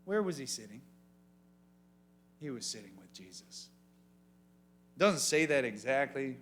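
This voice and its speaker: A youth pastor telling a story with lots of energy and funny voices, and asking the room questions. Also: male voice, medium pitch, lively intonation, unhurried, pauses often, fairly bright tone, a little hiss or hum. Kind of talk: youth sermon.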